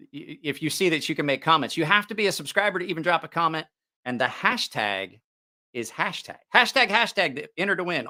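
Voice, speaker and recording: A man's voice: high voice, pushed and bright. A man hosting a casual livestream about knives, joking, teasing viewers and laughing often. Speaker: knife channel host.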